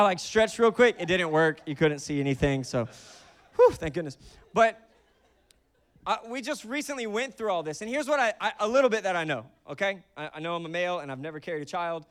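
A man's voice: sits high, fast talker, fairly bright tone, clean tone. A man in his thirties preaching a conversational sermon, acting out voices in his stories. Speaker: pastor.

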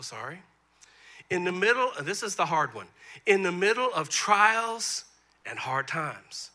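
A man, preaching a sermon as pastor, moving between soft asides and loud emphasis. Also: sits high. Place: church sanctuary.

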